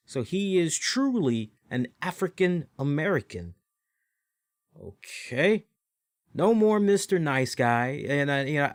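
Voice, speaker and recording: A man hosting a casual solo wrestling review, rambling and animated, with lots of fillers and asides. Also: on the high side, smooth, no echo, studio quality. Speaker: wrestling show host.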